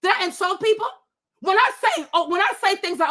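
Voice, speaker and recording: A woman with a very high voice rants into her webcam, firing off rhetorical questions again and again. She swears freely and sounds indignant. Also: fast talker, pushed and bright. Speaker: livestream host. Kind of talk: heated livestream rant.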